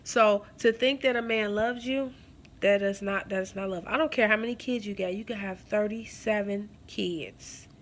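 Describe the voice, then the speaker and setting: A woman's voice: mid-range voice, moderate pace, a little hiss or hum. A woman giving impassioned advice to her viewers at home, preachy and emphatic, repeating her key phrases and calling the listener girl. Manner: addresses listener as girl and baby girl. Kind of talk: impassioned advice talk to camera.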